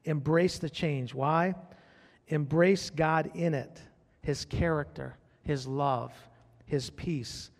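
A man's voice: a little high, slow, gravelly, long reverb tail. A man preaching a sermon as pastor, fervent, repeating his phrases and calling out to the congregation.

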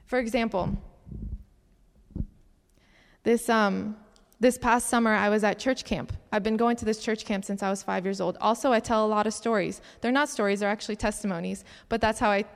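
A woman's voice: fairly high pitch, clean tone. Young woman telling testimonies in a reverberant hall. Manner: chatty and animated, acts out the dialogue of her stories. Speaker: camp counselor giving a testimony talk. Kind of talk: sermon-style testimony storytelling. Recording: long reverb of a large hall.

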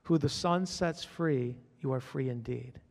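A man's voice: mid-range voice, a little slow, vocal fry, a little mellow, in a large hall. A man preaching a sermon as pastor, fervent, repeating his phrases and calling out to the congregation.

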